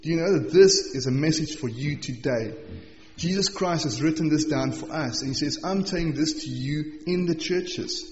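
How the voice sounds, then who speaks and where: A man preaching a morning sermon, reading scripture slowly and with emphasis, then explaining it in an earnest, conversational way. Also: fairly high pitch, a little mellow, soft background music. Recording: echoey hall, dull sound.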